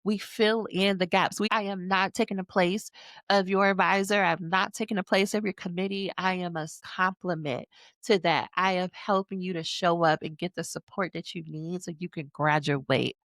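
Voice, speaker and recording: A woman dissertation coach giving a casual, frank, emphatic motivational pitch, talking straight to the listener and slipping into other people's voices for quotes. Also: steady tone, moderate pace, a bit bright, no room sound. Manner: casual, frank, uses slang. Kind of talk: motivational sales pitch to camera.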